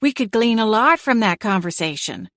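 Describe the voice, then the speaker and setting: A woman voicing a fussy, scolding aunt witch in a storybook reading, brisk and chiding. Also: a little high, big pitch swings, fairly bright tone, no room sound, studio quality, voice pushed up. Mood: insistent.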